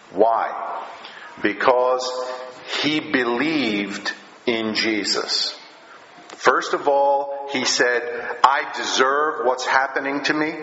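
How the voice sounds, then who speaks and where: A man's voice: mid-range voice, pushed and bright. A man preaching a sermon, explaining plainly and often checking in with his listeners by asking "all right?". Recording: echoey hall, dull sound, faint noise.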